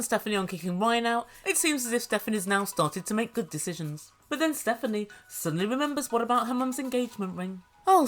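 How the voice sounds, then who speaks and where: Woman reviewer, slightly high voice, dry sarcastic comedy recap, faint music behind. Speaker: show reviewer.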